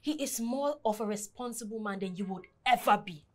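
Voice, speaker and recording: An actress with a Nigerian accent playing a bold, protective young woman who confronts an abusive husband with sharp, sarcastic defiance. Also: mid-range voice, brisk, close to an everyday voice. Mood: scornful. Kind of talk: film acting.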